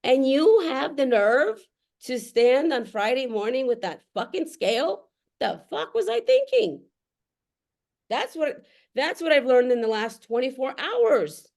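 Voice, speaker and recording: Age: middle-aged. Sex: woman. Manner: blunt, profane, laughing, slow talker. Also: high-pitched. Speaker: mother speaking to other parents. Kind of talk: candid unscripted talk to camera. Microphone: camera facing her.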